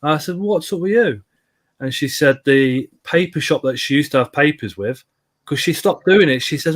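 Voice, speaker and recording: A man's voice: a little high, normal speed. A man in his thirties telling blunt, sweary anecdotes on a live stream. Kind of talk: casual storytelling chat.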